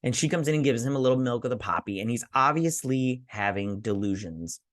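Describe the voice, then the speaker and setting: Casual man recapping with animated asides. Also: medium pitch, fairly quick, no echo, clean studio sound. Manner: animated storytelling, acting out characters' lines with fillers. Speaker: show host reviewing a TV episode. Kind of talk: casual recap with quoted voices.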